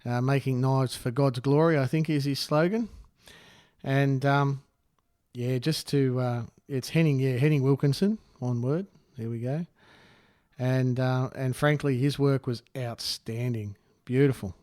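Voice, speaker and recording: A friendly man chatting on a podcast, easygoing and quick to laugh, calling others mate. His pitch is average. The recording is dry, with no room sound. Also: fairly even intonation, a little mellow, dry recording. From Australia. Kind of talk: casual podcast chat.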